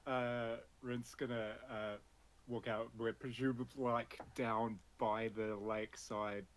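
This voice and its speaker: A man playing a tabletop game, describing his character's moves haltingly with many fillers. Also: medium pitch, flat delivery. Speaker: player.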